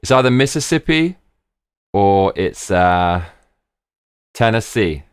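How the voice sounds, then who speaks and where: Excitable man, lively swooping pitch. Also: a little slow, long pauses, clean tone. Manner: excitable, thinking aloud, repeats 'look' and 'bruv'. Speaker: live stream host. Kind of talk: casual chat while planning a trip with viewers.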